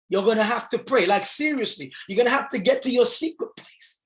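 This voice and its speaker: A man giving a fervent, preacher-style motivational speech. He often rises to shouts and leads the audience in call-and-response. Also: extremely high pitch, fairly quick, few pauses. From England. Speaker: motivational speaker.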